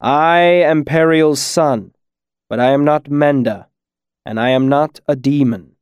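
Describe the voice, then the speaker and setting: A man's voice: clean tone, no room sound, lo-fi sound, close to an everyday voice. A man voicing Telu, a solemn god-lord. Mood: proclaiming. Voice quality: powerful and deep. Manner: slow, solemn, proclaiming. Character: divine male lord in a young man's body, commanding.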